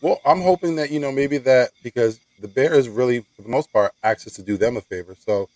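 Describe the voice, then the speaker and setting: A man hosting a casual sports podcast, playful and self-mocking as he steers the conversation. His voice sits at a middle pitch, and the recording is dry and close. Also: fairly quick, a little mellow, no echo, low-quality recording. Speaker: podcast host.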